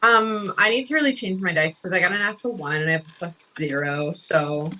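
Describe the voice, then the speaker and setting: Woman player, sharp bright tone, a bit far from the mic, tentative. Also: on the low side, brisk. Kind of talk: casual tabletop game chat.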